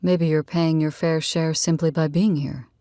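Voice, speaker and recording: A woman's voice: low-pitched, steady tone, normal speed, mellow, dry recording, clean studio sound, lightly acted. A woman voicing a tall, rugged man who jokes easily, in an audiobook reading. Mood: teasing.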